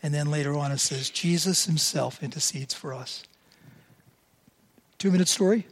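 A man's voice: on the high side, moderate pace. A man in his seventies preaching a sermon, telling stories in a conversational way and acting out quoted lines. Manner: conversational storytelling, voices quotes animatedly.

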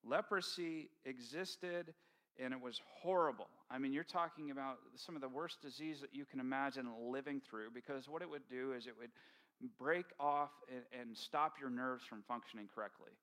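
A man preaching a sermon to his congregation in an animated, conversational storytelling manner, acting out quotes along the way. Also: mid-range voice, brisk. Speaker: pastor. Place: church sanctuary with congregation.

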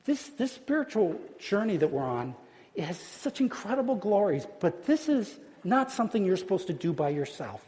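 A man preaching a sermon as pastor, earnest and emphatic, dropping to hushed tones at key points. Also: high-pitched, sing-song, normal speed. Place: church sanctuary. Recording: long hall reverb.

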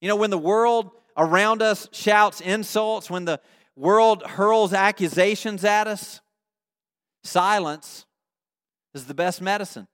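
High-voiced preacher in an echoing church. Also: male voice, slow, clean tone. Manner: animated storytelling, addresses the congregation with questions. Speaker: pastor. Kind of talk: sermon. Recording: long reverb of a large hall.

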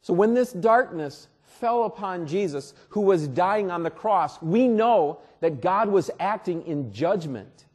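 A man preaching a sermon as pastor at a church service, earnest and deliberate, often repeating words. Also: high-pitched, animated, a little mellow.

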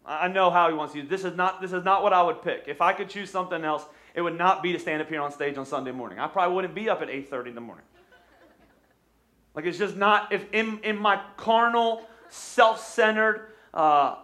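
Guy preaching in church, kinda high voice, pumped up, gets the crowd to talk back. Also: a little fast. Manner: energetic, urges the congregation to respond. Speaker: pastor. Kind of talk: sermon. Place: church stage.

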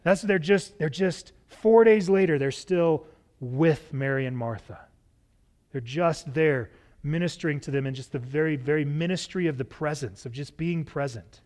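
A man preaching a sermon, expressive and shifting his pace, acting out the lines he quotes. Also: on the high side, normal speed. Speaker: pastor.

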